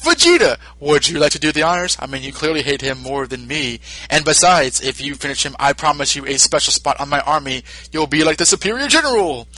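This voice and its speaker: A gloating alien tyrant with a lively, swooping voice, as a podcast host puts him on. He taunts in a bright, clipped tone, close to the mic in a dry room. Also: on the high side, brisk, hardly any pauses, no room sound, low-quality recording. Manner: taunting, mocking. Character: sneering alien tyrant villain, male, gloating.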